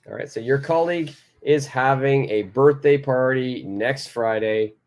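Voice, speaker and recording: A man's voice: mid-range voice, unhurried. A man teaching an English lesson, patiently explaining phrases and repeating examples aloud. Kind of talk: live online grammar lesson.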